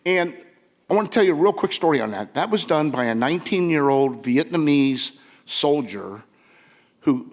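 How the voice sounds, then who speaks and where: An older man telling stories on stage to a crowd in a big theater, his voice trailing off into a long hall reverb. He speaks at a middling pitch, laughs often and acts out the lines he quotes. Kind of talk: casual storytelling to a live audience. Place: large theater with audience.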